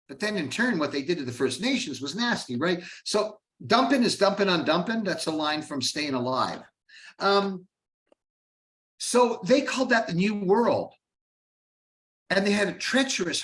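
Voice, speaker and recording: A man with a fairly high voice gives an informal history lecture. He talks in a chatty way, drops in asides and rhetorical questions, and often trails off into fillers. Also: fairly bright tone. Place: Canada.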